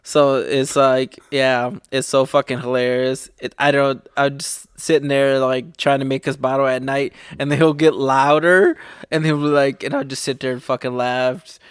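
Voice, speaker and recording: A man's voice: medium pitch, fairly even intonation, moderate pace, clean tone, dry recording, clean studio sound. A man co-hosting a podcast in casual chat, laid-back and swearing freely as he laughs through stories. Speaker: podcast co-host.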